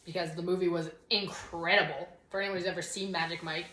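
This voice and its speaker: A woman's voice: fairly low pitch, steady tone, fast talker, pushed and bright. Worked-up ranting young woman, echoey room. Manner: worked-up, sarcastic ranting with lots of "like". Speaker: podcast co-host. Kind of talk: casual ranting chat. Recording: roomy echo.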